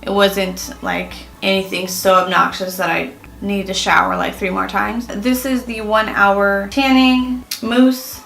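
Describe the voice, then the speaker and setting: A woman's voice: mid-range voice, fairly even intonation, a little slow, creaky, few pauses, fairly bright tone, a little hiss or hum, poor audio. A young woman chatting casually in a beauty review vlog, full of "like" fillers. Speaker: beauty vlogger.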